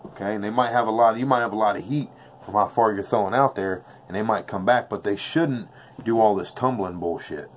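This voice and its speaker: A lowish male voice talks through a craps throw in loose, slangy, repetitive chat. He is blunt and intense, with a faint hum of room noise behind him. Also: a little fast, few pauses. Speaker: craps dice-control instructor. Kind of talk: casual tabletop tutorial. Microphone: off-camera voice, face never shown.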